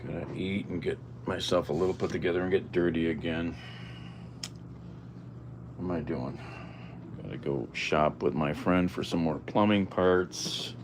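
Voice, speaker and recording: A man's voice: deep voice, moderate pace, long pauses. A man vlogging his day at home, talking to himself while he cooks and does chores. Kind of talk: casual daily vlog. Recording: noisy room ambience.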